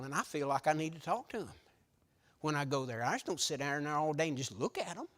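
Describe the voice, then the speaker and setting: A preacher, giving a folksy sermon that tells stories and restarts often. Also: male voice, fairly high pitch. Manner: animated storytelling, folksy, frequent restarts. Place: church hall. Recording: echoey hall reverb.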